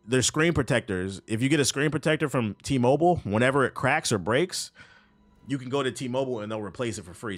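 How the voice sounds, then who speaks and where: A man in his thirties rambles through profane stories while gaming on stream. His voice sits at an ordinary middle pitch. The close mic leaves the sound dry, with no room around it. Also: a bit bright, no echo. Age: 30s. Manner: loose, profane storytelling with laughs and asides. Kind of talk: casual gaming stream chat.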